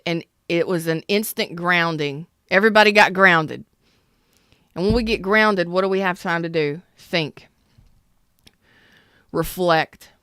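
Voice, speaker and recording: A woman in her thirties talks through a tarot reading in a blunt, emphatic way, swearing freely as she goes. Her voice sits on the low side and sounds smooth and clear. The sound is dry and close. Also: a bit bright, dry recording. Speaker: tarot reader.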